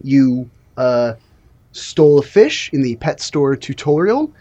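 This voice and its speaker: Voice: mid-range voice, big pitch swings, takes it slowly, mellow, dull audio. A game master running a tabletop game, chatting casually and joking between mission briefings. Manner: joking, rambling with restarts.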